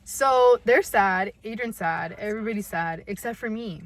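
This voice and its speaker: A young Californian woman co-hosts a podcast and tells a story in relaxed conversation, at medium pitch and a moderate pace. She curses freely, says "like" constantly, and performs the things she once said.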